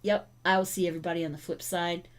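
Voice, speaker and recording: A woman's voice: on the low side, flat delivery, quick pace. A woman hosting a casual livestream, chatting with viewers and breaking off to talk to her dogs. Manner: chatty, talks to her dogs and chat between thoughts. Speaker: livestream host.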